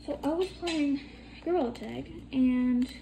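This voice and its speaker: Young woman vlogger, slow and chatty, slightly high voice, faint background hiss. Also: creaky, mellow. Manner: chatty, swears casually, rambling storytelling. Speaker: crafting tutorial vlogger. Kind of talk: casual chat while demonstrating bead crafting.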